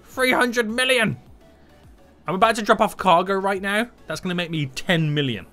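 A man giving playful, excitable live gameplay commentary and chatting with his viewers. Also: high voice, normal speed, soft background music. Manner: excitable and playful, hums and exclaims. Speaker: gaming streamer.

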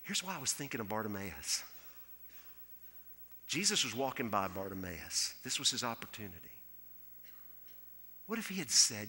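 A pastor preaching a conversational sermon, acting out quoted voices and dropping to a hush for his appeals. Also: lowish voice, big pitch swings, moderate pace, long pauses, slightly rough. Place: church sanctuary. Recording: hall reverb in a church.

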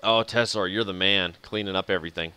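A man's low, bright, forceful voice comes across clear and resonant in a dry recording, fairly quick and with fairly even intonation. He's casually commenting on a strategy game during a live stream, often chuckling and muttering to himself, while faint game music plays.

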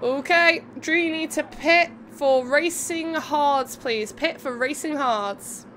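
Her voice sits high and a bit bright, and she speaks at a slow pace, with a slight hiss or hum in the background. She's a young woman streaming live race commentary for a racing game event, bubbly and giggly, chatting with viewers between calls.

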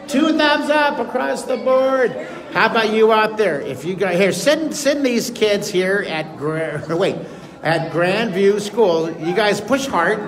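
Upbeat middle-aged man teaching kids to draw. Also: fairly high pitch. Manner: energetic, encouraging, talks straight to kids. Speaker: drawing teacher. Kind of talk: live drawing lesson to a school assembly. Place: school assembly with a live audience.

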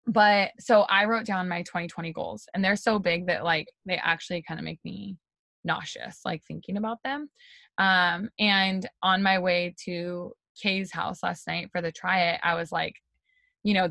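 A woman on a video call giving an energetic, chatty pep talk to her team, full of "like" and "you guys". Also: lowish voice, dry recording.

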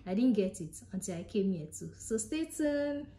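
A woman's voice: mid-range voice, sing-song, moderate pace, echoey room, loud music behind the voice. A woman with a Nigerian accent talks casually to her viewers in a vlog. She is chatty and emphatic and repeats her points directly to the camera. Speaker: vlogger.

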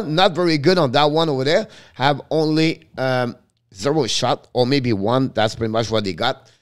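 Male hockey commentator, smooth voice, choppy English, rapid live play-by-play. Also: medium pitch. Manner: halting non-native English, rapid call of the action; chats with viewers between plays.

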